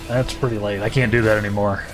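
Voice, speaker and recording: A man's voice: fairly low pitch, steady tone, quick pace, over music. A man chatting casually with his viewers while playing a game, easygoing and talkative. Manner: easygoing, chatty, addresses chat directly. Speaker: livestreamer.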